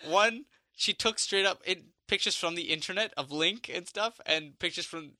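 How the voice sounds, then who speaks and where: A young man on a podcast telling a story in casual chat, animated and swearing freely, acting out what people said. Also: sits high, normal speed, dry recording.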